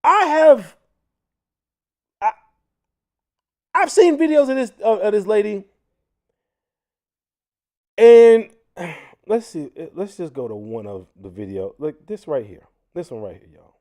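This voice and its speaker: A man's voice: sits high, slow, pauses often. A man hosting a casual commentary livestream who talks to viewers directly and often restarts his sentences. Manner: animated, frequent restarts, addresses viewers as y'all. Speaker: livestream host.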